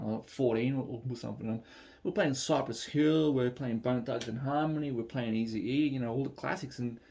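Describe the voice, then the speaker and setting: A man's voice: medium pitch, a little mellow. A man from Melbourne with an Australian accent, chatting casually and rambling with many fillers while reacting to music on a phone recording. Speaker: reaction video host.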